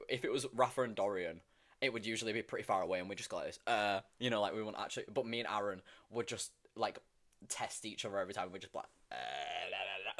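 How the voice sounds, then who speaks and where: A young man with a low voice tells stories from set in a loose, chatty way, and his pitch swings widely as he goes. He laughs often between lines and leans on fillers like "like" and "obviously.". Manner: animated, laughing storyteller with many fillers. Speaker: actor telling stories on stream. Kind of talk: casual chat.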